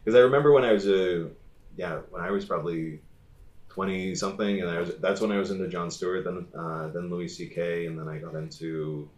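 A man in his thirties with a fairly low voice, chatting casually on a comedy podcast. He tells stories in an animated way and swears freely. The room gives his voice a roomy echo. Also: brisk. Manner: animated storytelling, swearing, bursts into impressions. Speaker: podcast co-host. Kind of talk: casual chat.

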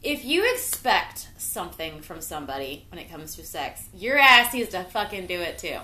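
A woman's voice: lowish voice, very animated, normal speed, sharp tone. A young woman co-hosting a podcast in a brash, profane, casual chat, laughing often. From Italian heritage. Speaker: podcast co-host. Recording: echoey room.

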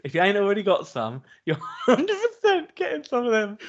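Man, podcast co-host, teasing and talkative, lively pitch, muffled lo-fi sound. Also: brisk. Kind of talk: casual chat. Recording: dull lo-fi sound.

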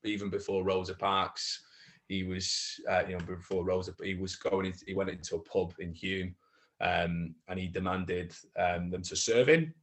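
A male actor with a low-sitting voice and fairly even intonation talks casually as a guest. Hesitant and full of restarts, he builds to an emphatic tone when offering advice.

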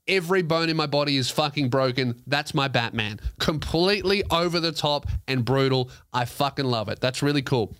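A man's voice: mid-range voice, normal speed, hardly any pauses, fairly bright tone, clear, resonant tone, no echo. A young man hosting a podcast on his own, chatting casually into a close mic with rambling asides and frequent swearing. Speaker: podcast host. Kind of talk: casual solo podcast chat.

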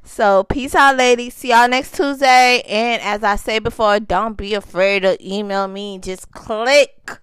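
A woman's voice: on the high side, fairly even intonation, measured pace, fairly bright tone, smooth, dry recording. A young woman hosting a casual chat podcast for mothers, chatty and laughing, stretching out phrases for emphasis. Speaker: podcast host.

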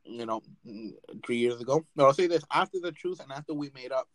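A man's voice: mid-range voice, fairly quick, a bit bright, no echo, rough recording. A young man hosting a casual podcast chat, telling stories with lots of swearing and laughter. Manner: storytelling, swears freely, laughs often. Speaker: podcast host.

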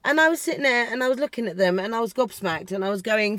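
A woman in full rant mode, swearing freely and laying into politicians with biting sarcasm. Her voice sits somewhat high, and the sound is dry and close, with no room echo at all. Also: animated, fast talker, few pauses, a bit bright. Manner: blunt and profane, heated and sarcastic. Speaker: political commentator. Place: in the country she discusses.

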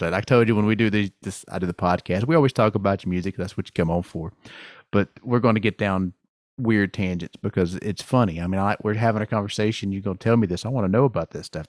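Man, Georgia Southern accent, rough voice, podcast host, chatty, laughs a lot, dry sound. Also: lowish voice, dry recording. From Georgia, USA. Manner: laughs often, chatty storyteller. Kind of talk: casual podcast interview.

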